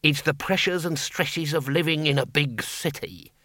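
A man voicing a nervous, bookish older wizard in an audiobook, speaking in a worried, hushed way. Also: fairly high pitch, normal speed, no room sound, studio quality. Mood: anxious.

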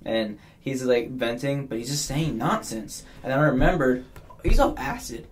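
A man's voice: mid-range voice, moderate pace, slight background noise. Young man telling a wild story. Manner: animated, quotes people in changing voices, laughs often. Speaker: podcast guest. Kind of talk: casual storytelling.

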